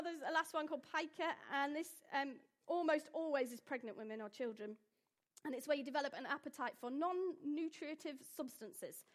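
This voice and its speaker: A young woman speaks to a gathered audience in a loose, informal way. Her voice sits high, and she keeps things light with asides and questions to the listeners. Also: animated, moderate pace. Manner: chatty, jokey, asks the audience questions. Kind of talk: informal talk to a live audience.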